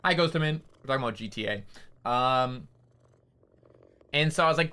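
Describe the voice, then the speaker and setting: Bright-voiced man rambling on stream. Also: a little high, fairly quick, pauses often. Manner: rambling, profane, filler-heavy storytelling. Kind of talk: casual stream chat.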